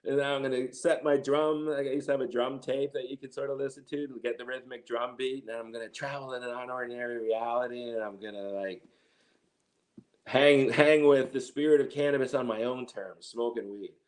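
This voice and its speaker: Speaking a little fast in a steady, slightly mellow mid-range voice, this middle-aged interview guest, a cannabis grower, spins a long personal tale. The casual storytelling wanders, with frequent restarts and quoted voices of others.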